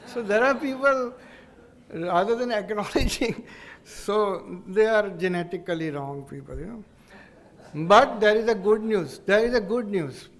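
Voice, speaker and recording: A man with an Indian English accent, giving an earnest, explanatory public lecture as a neurologist, pausing and restarting as he goes. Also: sits high.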